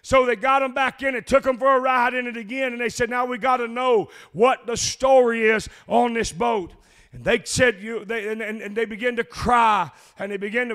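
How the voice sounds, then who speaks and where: A man preaching a sermon, telling a long story and then shouting in a rhythmic chant with "uh" before each phrase. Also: very high-pitched, fairly even intonation, normal speed.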